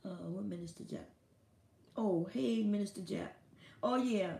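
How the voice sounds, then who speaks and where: A woman hosts her own live stream in a loose, casual monologue, blunt and quick to swear. Her voice is low-toned and mellow with a gravelly fry running through it. The room around her adds a noticeable echo. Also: slight background noise. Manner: blunt and profane.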